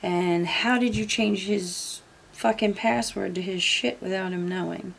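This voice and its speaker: A woman's voice: medium pitch, steady tone, unhurried, vocal fry, slight background noise. A woman giving casual reaction commentary, blunt and sarcastic, swearing freely. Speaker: commentary YouTuber.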